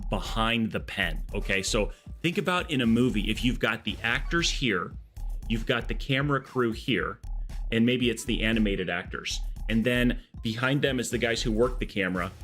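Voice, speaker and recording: A man's voice: medium pitch, a bit bright. A man from Arizona chatting casually on a live game stream, rambling and tagging his sentences with "okay?".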